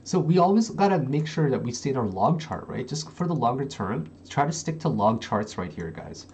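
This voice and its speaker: A chatty man walks through chart analysis on a live stream from home, talking straight into a desk mic. His pitch sits in an ordinary middle range, with faint noise in the background. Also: very animated, normal speed, a little mellow, rough recording. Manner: chatty, keeps addressing viewers as guys. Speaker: crypto trading streamer. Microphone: desk microphone.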